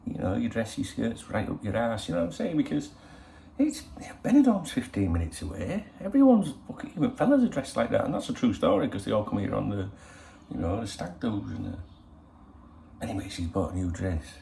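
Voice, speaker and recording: A man's voice: fairly low pitch, very animated, a little fast, creaky, mellow, slight background noise. A middle-aged man hosting a football channel, chatting casually in a rambling, cheeky way full of swearing. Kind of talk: casual chat. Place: in Spain.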